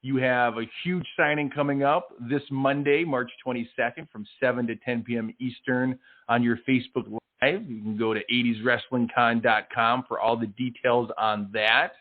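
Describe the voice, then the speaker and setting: A man's voice: medium pitch, steady tone, moderate pace, hardly any pauses. A man hosting a podcast, chatting casually and enthusiastically, praising and encouraging his co-host. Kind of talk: casual chat. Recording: tinny phone-like line.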